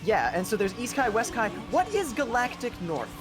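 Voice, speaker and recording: A man's voice: very high voice, wildly swooping pitch, normal speed, music in the background. A man chatting casually and rambling as he streams a racing game, laughing often. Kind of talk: casual gaming chat.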